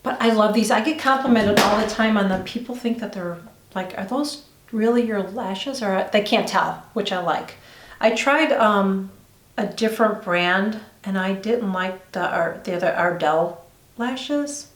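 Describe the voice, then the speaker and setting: A middle-aged woman talks through her makeup routine for a vlog in a mid-pitched voice, rambling along in a confiding, reassuring tone. She is recorded in a room with a noticeable echo. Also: unhurried. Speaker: beauty vlogger. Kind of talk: chatty get-ready-with-me vlog. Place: indoors at home doing her makeup on camera. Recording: roomy echo.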